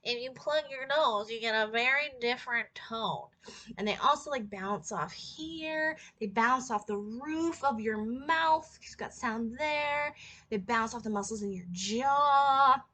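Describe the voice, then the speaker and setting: Chatty woman teaching singing, slightly high voice. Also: measured pace, sharp tone. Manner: chatty, breaks into sung demonstration notes. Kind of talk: casual vocal lesson.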